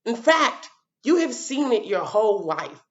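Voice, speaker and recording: Animated woman teaching young children. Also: fairly high pitch, highs cut off. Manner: animated, sounds out letters, repeats words slowly for children. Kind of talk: children's lesson on video.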